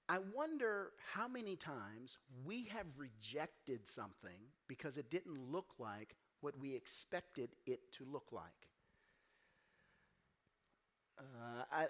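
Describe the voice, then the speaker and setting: A man preaching a sermon as pastor, telling a story and acting out the voices in it. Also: mid-range voice. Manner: animated, acts out quoted voices, gets loud and emphatic. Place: church.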